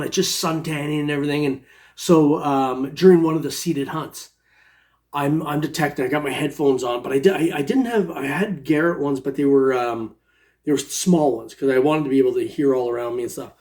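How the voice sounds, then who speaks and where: A man's voice: on the high side, a little mellow. A man casually telling a long personal story, rambling with many restarts. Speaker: metal detecting storyteller.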